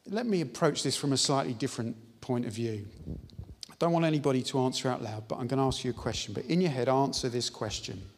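Husky-voiced man preaching in an echoing hall. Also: medium pitch, fast. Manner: earnest, emphatic, exhorting. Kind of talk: sermon. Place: church hall. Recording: live-stream audio with long hall reverb.

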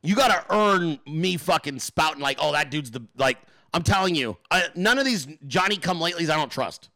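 A man's voice: fairly high pitch, expressive, brisk, bright, forceful tone, no echo. A man hosting a political livestream, ranting in an emphatic, profane, rambling way and talking straight to his viewers and chat. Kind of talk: casual profane political rant.

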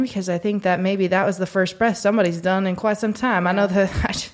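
A woman co-hosting a faith-based podcast, earnest and encouraging, slowing down to guide listeners through deep breaths. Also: steady tone. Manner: earnest, encouraging, speaks slowly when leading prayerful moments. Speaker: podcast co-host.

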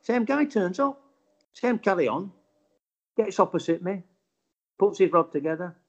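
A man in his fifties from Bradford, England, speaks with a West Yorkshire accent in a voice that sits high and moves a little slowly. He tells a casual anecdote with lots of animation, acting out the voices of the people he quotes and swearing a bit. The recording has a dull, lo-fi sound.

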